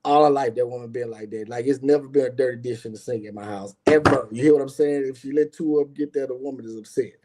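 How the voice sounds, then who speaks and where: A man's voice: medium pitch, fast talker, few pauses, darkish tone. A middle-aged man and business owner telling a personal story in a rambling, slangy way, swearing freely and talking straight to his viewers. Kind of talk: casual personal storytelling monologue.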